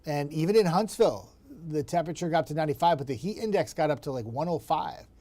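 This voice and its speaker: A man's voice: fairly high pitch, animated, quick pace, mellow. A man hosting a casual live weather chat, greeting viewers by name in a chatty, self-deprecating, upbeat way.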